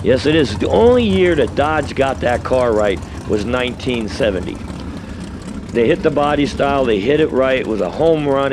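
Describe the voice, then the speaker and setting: A man's voice: medium pitch, a little mellow, slight background noise. A man with a New York accent calling results at a drag race, chatty and rambling with asides between runs. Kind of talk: live race commentary. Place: outdoor drag strip.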